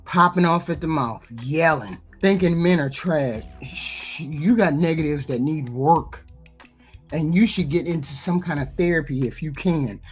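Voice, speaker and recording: A woman's voice: lowish voice, a little mellow, slightly rough. A woman giving blunt, profane reaction commentary on dating, lecturing her audience. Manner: blunt, lecturing, heavy swearing.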